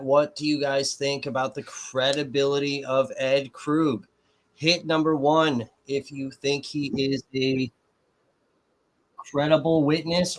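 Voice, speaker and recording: A man's voice: a little high, a bit bright, low-quality recording. A man hosting a casual livestream, chatting to his viewers and commenting on a trial. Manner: chatty, addresses viewers directly.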